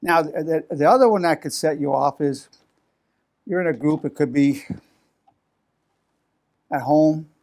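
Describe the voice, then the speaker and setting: An older man in his eighties gives a psychology lesson with a gravelly, somewhat high voice. He talks freely, restarting and repeating words. He lifts his voice to act out how people sound when they feel defensive. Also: unhurried, long pauses. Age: 80s. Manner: animated, acts out defensive quotes with raised voice. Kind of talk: unscripted talk to camera.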